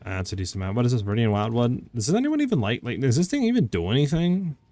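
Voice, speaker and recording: A man's voice: mid-range voice, wildly swooping pitch, quick pace, mellow, no room sound. A young man streaming a game, chatting casually and answering chat questions with lots of "like" fillers. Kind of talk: casual live-stream commentary.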